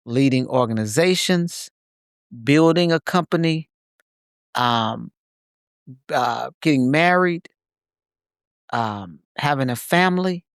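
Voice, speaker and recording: A man at a middle pitch, speaking emphatically as a podcast co-host and circling back on phrases for stress. The recording is dry and close-miked. He talks in a conversational way with his co-host. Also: animated, slow, pauses often, smooth, dry recording. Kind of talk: reflective casual conversation.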